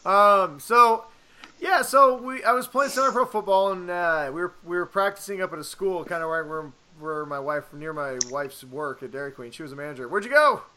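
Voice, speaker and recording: A man in his thirties telling a casual, rambling story on a podcast, animated, swearing freely and acting out the lines he quotes. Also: high-pitched, moderate pace. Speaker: podcast co-host.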